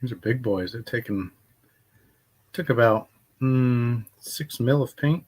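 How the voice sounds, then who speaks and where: A man's voice: medium pitch, takes it slowly, darkish tone, husky. A man hosting a casual painting livestream, chatting in a rambling way and greeting viewers by name. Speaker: livestream host painting miniatures.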